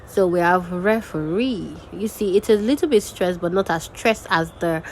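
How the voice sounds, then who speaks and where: A woman's voice: lowish voice, normal speed, a little mellow, a little hiss or hum, rough recording. A young woman teaching a recorded diction lesson, patiently repeating example words aloud. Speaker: diction and grammar tutor.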